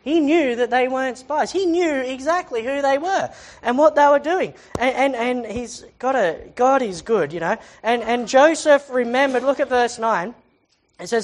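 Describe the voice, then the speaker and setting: A woman's voice: high-pitched, animated, normal speed. A woman who teaches the Bible in a chatty way, asking rhetorical questions and reading scripture aloud.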